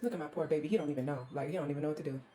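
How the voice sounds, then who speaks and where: A woman's voice: sits low, very fast, dark tone, faint music behind. A woman hosting a walkthrough vlog, exasperated and ranting as she films indoors in a condo on a handheld phone. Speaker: host.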